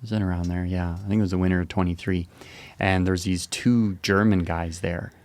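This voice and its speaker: A man's voice: low voice, fairly even intonation, brisk, darkish tone. A man co-hosting a podcast, telling rambling stories in a laid-back, joking way. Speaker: podcast co-host. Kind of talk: casual chat.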